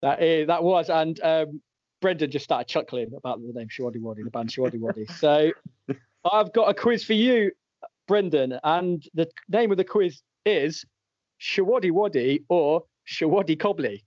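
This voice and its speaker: A fairly high-voiced man hosts a relaxed podcast quiz, chuckling his way through questions and answers. The audio is dull and lo-fi, with a dry, close sound. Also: normal speed, no echo. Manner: jokey, laughs often while reading out answers. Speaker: podcast host and quizmaster. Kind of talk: casual podcast chat, running a quiz.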